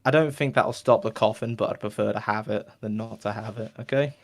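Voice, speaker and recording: A man's voice: lowish voice, fairly even intonation, a little fast. A man quoting a grumbling young shop worker.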